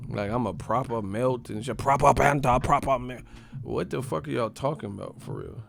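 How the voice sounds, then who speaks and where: A man's voice: medium pitch, normal speed, gravelly, a bit bright, faint music behind. A man hosting a boxing channel, ranting casually on a live stream in a profane, mocking, rambling way.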